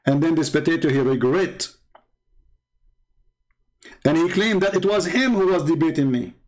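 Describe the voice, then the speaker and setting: A slightly high, expressive male voice at a moderate pace carries this sarcastic, mocking polemical commentary from a Christian apologist from the Arab world. He speaks with an Arabic accent and taunts by repeating words in bursts.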